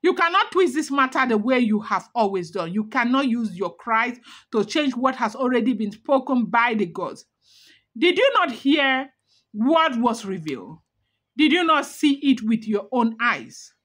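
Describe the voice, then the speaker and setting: A woman's voice: on the high side, big pitch swings, measured pace, a bit bright, exaggerated voice. A woman voicing an angry male king who scolds his elders with rhetorical questions. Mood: scolding.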